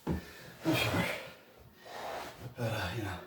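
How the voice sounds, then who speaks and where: A man's voice: on the low side, fairly even intonation, slow pace, roomy sound, far from the mic, very noisy. A man vlogging his workout, out of breath and chatting between sets. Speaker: fitness vlogger. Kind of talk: casual workout talk to camera.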